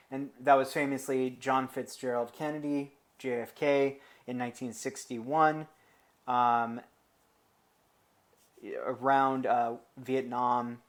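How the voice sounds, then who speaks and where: An American man teaching an informal lecture, talking through his material in a loose, conversational way. He wanders into asides and leans on fillers while still pressing his points. His pitch sits in the middle of the male range. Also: fairly even intonation, slow.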